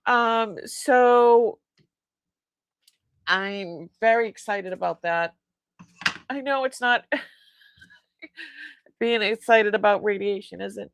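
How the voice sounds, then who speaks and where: A woman's voice: a little high, slow pace, pauses often, no echo. A woman hosting a live-sale stream, chatting casually and telling stories with frequent laughs and acted-out bits of dialogue. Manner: chatty storyteller, laughs often, acts out dialogue.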